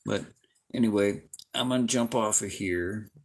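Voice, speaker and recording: A man's voice: lowish voice, normal speed, slightly rough, low-quality recording. A man in his fifties hosting a livestream, chatting casually with his viewers in a laid-back, folksy way with frequent chuckles. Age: 50s. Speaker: livestream host.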